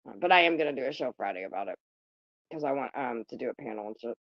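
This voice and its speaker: Casting: woman host, lively swooping voice, blunt and profane, casual chat, dry dull phone sound. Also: rumbling low, fast, dry recording. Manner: blunt and profane, chatting with viewers. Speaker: livestream host.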